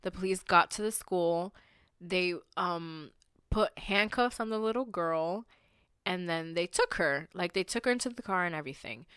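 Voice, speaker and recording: A woman's voice: fairly low pitch, normal speed, fairly bright tone, clear, resonant tone, dry recording, studio quality. A woman hosting a podcast, telling a story in a casual, rambling way with lots of fillers and flaring into heated indignation. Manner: heated and indignant when riled. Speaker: podcast host.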